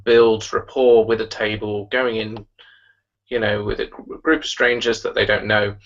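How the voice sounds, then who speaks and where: A man interviewing a guest, asking a long, hesitant question with many pauses and restarts. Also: on the low side, vocal fry, a bit bright. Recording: dull lo-fi recording.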